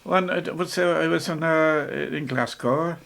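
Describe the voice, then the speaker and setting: An older man with an Irish accent, reminiscing in a relaxed, rambling way, often stopping to restart and chuckling as he talks. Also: on the high side, moderate pace, creaky. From Ireland. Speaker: interviewee. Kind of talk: casual reminiscing.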